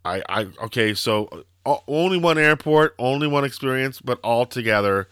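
Bright-voiced man telling rambling stories. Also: mid-range voice, lively intonation, normal speed, clear, resonant tone, dry recording, studio quality. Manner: rambling storyteller, lots of fillers and profanity. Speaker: podcast co-host. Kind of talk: casual chat.

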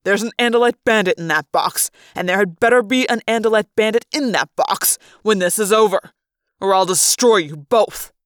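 A woman's voice: mid-range voice, moderate pace, dry recording, clean studio sound, lightly acted. Woman voicing a barking alien warlord. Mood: commanding. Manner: barking commands, menacing. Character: cruel domineering male alien warlord. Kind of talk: fan audiobook reading.

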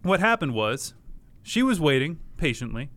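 Co-hosting a podcast, a man tells a story in casual, joking chat and laughs often. He has a fairly high, fairly bright voice with big pitch swings, speaking at normal speed.

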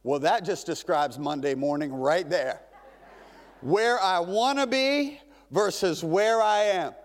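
A male pastor delivering a lively, conversational sermon full of rhetorical questions to a congregation. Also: high-pitched, takes it slowly, in a large hall. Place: large church sanctuary.

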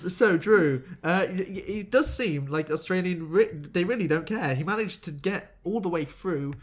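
Co-host, storyteller, rambling delivery with restarts, ordinary pitch, laughs easily. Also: moderate pace. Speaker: podcast co-host. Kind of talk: casual chat, telling a story.

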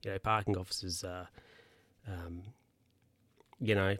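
A man voicing a smug male office worker, speaking in a low, offhand mumble. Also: little pitch movement, unhurried, fairly bright tone, no echo.

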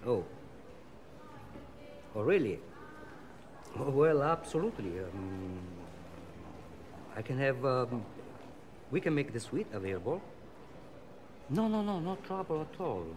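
Figure: a flustered hotel manager. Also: male voice, mid-range voice, very animated, a little slow, pauses often, a little mellow, a little hiss or hum. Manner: eager, deferential, hesitant.

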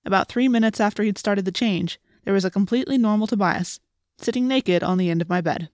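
A woman narrating an audiobook in a steady, clear storytelling manner. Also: medium pitch, brisk, no room sound, studio quality. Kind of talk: scripted narration.

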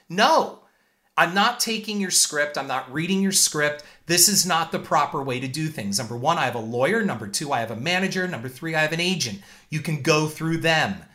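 Guy on his show telling war stories, bright punchy voice a bit high, goes number one number two, firm and kinda fed up. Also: expressive, moderate pace. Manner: emphatic, lays out points in numbered order; firm and indignant. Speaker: filmmaker and show host. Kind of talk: storytelling monologue.

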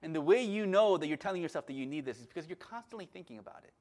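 Impassioned preacher man, lively high voice. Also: rapid-fire. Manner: passionate preaching that swings from shouting to calm. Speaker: pastor. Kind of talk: sermon.

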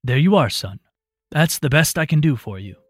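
A man voicing a brisk, commanding older mentor in a storybook reading. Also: fairly high pitch, expressive, breathy edge, no echo, soft background music.

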